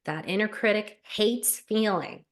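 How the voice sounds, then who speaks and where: A woman life coach talking earnestly as an interview guest, animated and full of fillers. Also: medium pitch, unhurried. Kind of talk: casual interview chat.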